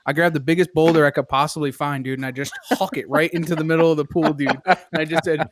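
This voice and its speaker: A man's voice: a little high, steady tone, quick pace, a little hiss or hum. A man from Connecticut telling a rowdy story in a casual chat, cussing and calling everyone dude. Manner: rowdy, profane, calls people dude.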